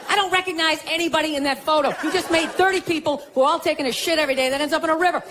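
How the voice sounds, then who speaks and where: High-pitched ranting man on a stage. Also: rapid-fire, few pauses. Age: middle-aged. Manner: profane, ranting and exasperated. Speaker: stand-up comedian. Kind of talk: stand-up routine. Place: comedy stage before a live audience. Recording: live show with crowd laughter and noise.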